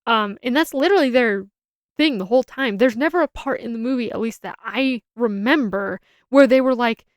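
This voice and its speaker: A woman's voice: a little high, normal speed, no room sound, clean studio sound. A young adult woman giving a casual, opinionated film review, rambling and often restarting her sentences.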